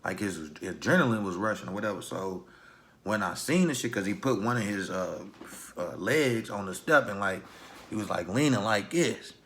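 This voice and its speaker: Lowish-voiced man telling a street story. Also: normal speed. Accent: Louisville, Kentucky. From Louisville, Kentucky. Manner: street slang, animated retelling with acted quotes. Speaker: vlogger. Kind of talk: casual storytelling.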